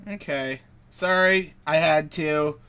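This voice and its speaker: A man's voice: on the high side, takes it slowly, bright, forceful tone, smooth. A man giving casual commentary as he plays a game, rambling and correcting himself as he goes. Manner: rambling, self-correcting asides. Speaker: let's player.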